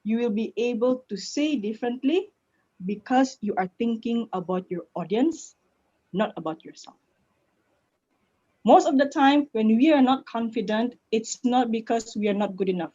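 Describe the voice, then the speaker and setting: A woman with a Malaysian accent, a public speaking coach answering questions in an online session, lively and laughing easily. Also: a little high, normal speed. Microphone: video call. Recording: lo-fi video call audio.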